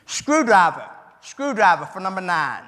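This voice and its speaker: A man's voice: high voice, sing-song, unhurried, bright, forceful tone. A man with a Cajun accent giving an interactive keynote speech in a folksy, chatty way, repeating the audience's answers back to them. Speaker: keynote speaker. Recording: hall reverb.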